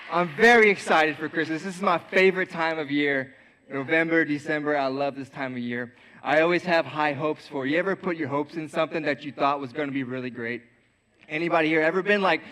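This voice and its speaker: A young man giving a youth sermon. He jokes with the crowd and tells a story, acting out the voices in it. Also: fairly high pitch. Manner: lively, joking with the crowd, acts out voices in his story. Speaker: youth pastor. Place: church youth service before an audience.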